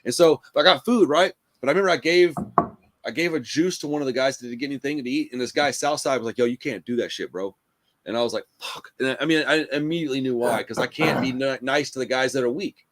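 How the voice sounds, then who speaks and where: A man, hosting a casual chat and telling a rough story in a profane, animated way, full of "bro" and "dude.". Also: medium pitch, quick pace. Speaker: podcast host.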